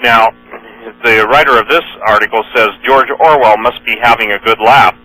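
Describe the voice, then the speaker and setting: This radio talk show host reads out news and quotes earnestly, peppering his speech with fillers and frequently fixing his words partway through a sentence. He speaks at medium pitch and a moderate pace with a sharp tone, captured in a dry, low-quality recording.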